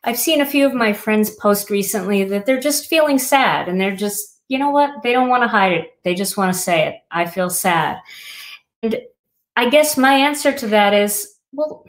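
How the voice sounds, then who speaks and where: A woman's voice: a little high, expressive, moderate pace. A middle-aged woman hosting a crafting livestream, talking casually and reflectively with many fillers. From Wisconsin.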